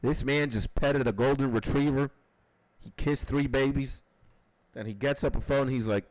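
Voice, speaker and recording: A man hosting a casual livestream, talking in an animated, profane way and leaning on "like" as filler. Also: medium pitch, normal speed, no echo, poor audio. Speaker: livestream host.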